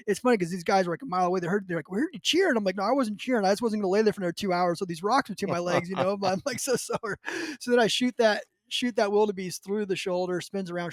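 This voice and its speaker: A man hosting a podcast tells a story in casual chat, his voice high and light, acting out the dialogue and frequently breaking into laughter. The audio is close and dry, with no room sound.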